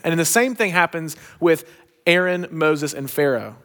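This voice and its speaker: A pastor preaching a sermon, telling a story with emphatic, shifting pace. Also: male voice, fairly high pitch, expressive, moderate pace, a bit bright.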